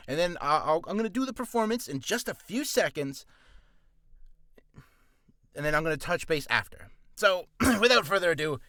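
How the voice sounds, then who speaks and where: A man's voice: fairly high pitch, fairly bright tone, dry recording. A man who is a voice actor, giving a casual tutorial in a rambling way with many restarts and apologies, recorded in a home booth on a studio mic. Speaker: voice actor teaching. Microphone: studio mic with pop filter.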